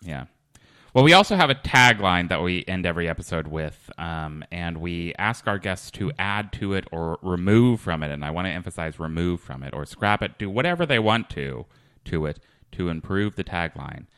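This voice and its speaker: Bright, smooth-voiced comedy podcast host. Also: male voice, low-pitched, expressive, normal speed, no room sound, studio quality. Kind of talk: deadpan comedic interview.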